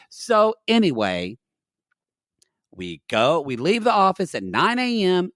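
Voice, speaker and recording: Animated, profane man telling a story. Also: high-pitched, normal speed, no room sound, clean studio sound. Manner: animated, profane storytelling with dramatic quoted outbursts. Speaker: podcast co-host. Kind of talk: casual chat, storytelling.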